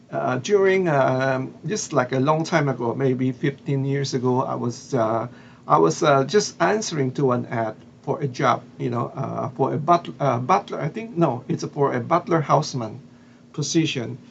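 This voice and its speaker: A man's voice: medium pitch, vocal fry, muffled recording, slight background noise. A man from the Philippines with a Filipino accent, telling a story casually with lots of fillers and restarts. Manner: hesitant, many fillers and restarts. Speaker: vlogger.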